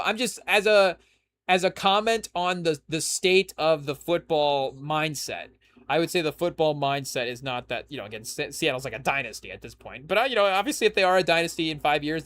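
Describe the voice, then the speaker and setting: A man's voice: a little high, a bit bright. A young man hosting a casual sports podcast, rambling through his points with lots of "you know" and "hey, yo" asides. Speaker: podcast host.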